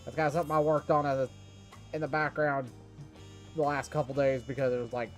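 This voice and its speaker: A man's voice: mid-range voice, flat delivery, brisk, faint music behind. A man streaming a game, chatting casually in a rambling, self-correcting way.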